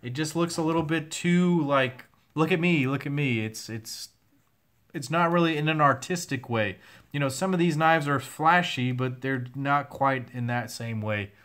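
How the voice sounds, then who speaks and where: A man's voice: on the high side, normal speed, a bit bright. A young man answering viewer questions on a casual livestream, candid and a bit profane, his voice wearing out. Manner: candid, swears now and then, reads chat questions aloud. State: losing his voice.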